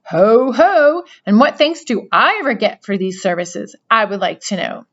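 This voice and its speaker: A woman's voice: medium pitch, expressive, normal speed, a bit bright, highs cut off, pitched above the performer's own voice. A woman reading a storybook aloud, voicing a sarcastic, self-pitying male rat who mocks and complains. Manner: mocking, whiny, complaining.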